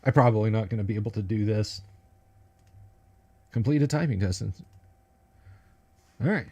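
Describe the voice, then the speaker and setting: A man's voice: lowish voice, moderate pace, darkish tone, husky. A man hosting a casual livestream at his computer, talking in a rambling, joking way with many fillers and restarts. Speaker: livestream host.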